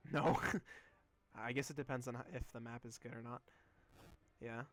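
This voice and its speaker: A man's voice: mid-range voice, steady tone, normal speed, dry recording. A young man streaming a game, chatting casually in a rambling, amused way full of fillers. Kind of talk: casual gameplay chat.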